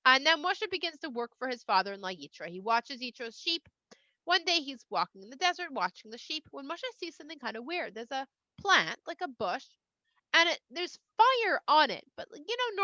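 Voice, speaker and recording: Bright, playful storytelling woman. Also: high-pitched, no echo, highs cut off. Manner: slangy, playful, conversational. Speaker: storyteller for children. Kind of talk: casual retelling of a Torah portion.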